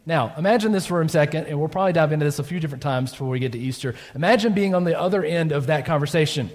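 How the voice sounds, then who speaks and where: Male pastor, conversational storyteller, acts out the dialogue, slightly high voice, church reverb. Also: racing, darkish tone. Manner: conversational storytelling, acts out quotes, frequent "right?". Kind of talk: sermon. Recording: long reverb of a church hall.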